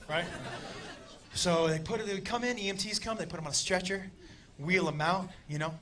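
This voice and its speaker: High-voiced man doing lively stand-up. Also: normal speed. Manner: animated, shouting punchlines, voicing characters in his story. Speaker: stand-up comedian. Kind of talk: stand-up storytelling. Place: comedy club stage before a laughing audience. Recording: live club recording with crowd noise.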